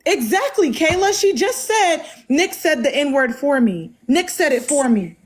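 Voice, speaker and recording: A woman's voice: high voice, lively intonation, a little slow. A woman hosting a live stream, angrily confronting someone with heavy swearing. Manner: angry, confrontational, heavy profanity. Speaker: livestream host. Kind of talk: heated live-stream argument.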